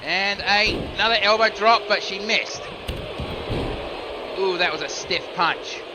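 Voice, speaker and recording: High-voiced man calling wrestling moves. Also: unhurried, background noise. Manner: steady move-by-move calls, rising sharply on near falls and reversals. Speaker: play-by-play commentator. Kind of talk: solo play-by-play commentary of a video game wrestling match.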